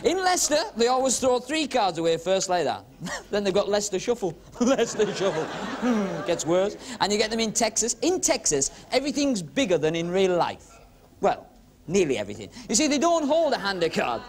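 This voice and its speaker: A man's voice: sits high, big pitch swings. A man doing cheeky stand-up patter as a comedy magician on a club stage. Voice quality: cheeky, quick comic patter. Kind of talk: stand-up patter with card tricks. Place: working men's club stage before a live audience. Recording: noisy 1970s TV recording with laughing crowd.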